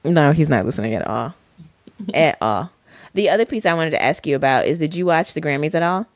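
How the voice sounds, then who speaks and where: Low-voiced, lively woman co-host. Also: a little fast, no echo. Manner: animated storyteller, expressive. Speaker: podcast co-host. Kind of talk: casual chat.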